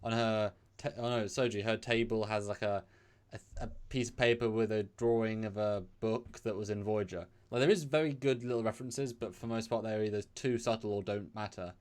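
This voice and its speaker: A man's voice: fairly low pitch, brisk, a little mellow. A British man co-hosting a casual chat show, rambling with many fillers and restarts. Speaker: podcast co-host.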